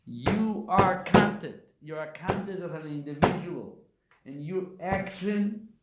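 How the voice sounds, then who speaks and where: Man rabbi lecturing, fairly high voice, echoey hall sound, dull lo-fi recording. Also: a little mellow. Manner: emphatic, storytelling, asks rhetorical questions. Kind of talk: weekly Torah class lecture. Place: live class in a community center.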